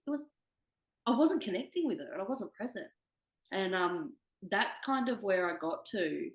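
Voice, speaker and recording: A woman's voice: medium pitch, sing-song, brisk, echoey room, low-quality recording. A young woman speaking candidly as an interview guest, swearing freely and quoting herself. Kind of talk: candid personal conversation.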